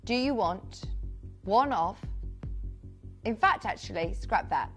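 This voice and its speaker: A woman's voice: medium pitch, lively intonation, slow pace, long pauses, fairly bright tone, soft background music. A woman presenting live on a shopping channel, chatty and upbeat, calling out buyers' names. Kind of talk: live TV sales pitch.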